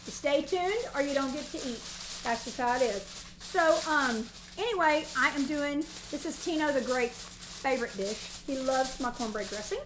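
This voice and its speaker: Chatty high-voiced woman cooking. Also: moderate pace, echoey room, background noise. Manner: chatty and long-winded, folksy. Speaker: cooking livestream host. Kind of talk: casual cooking livestream chat. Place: home kitchen. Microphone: mic set on the counter.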